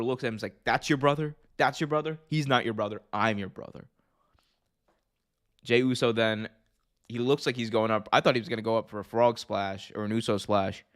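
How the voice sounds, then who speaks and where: A man hosting a podcast, casually recapping a wrestling event in an energetic storytelling way with many fillers and restarts. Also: fairly low pitch.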